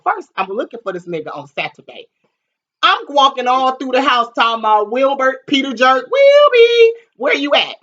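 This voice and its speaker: A woman vlogger tells a story with a bright, ringing voice, swearing freely and laughing as she goes. She acts out what people said with lively energy. The recording sounds dull and lo-fi. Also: mid-range voice. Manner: animated, profane, laughing, acts out quotes. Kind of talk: casual storytelling to camera.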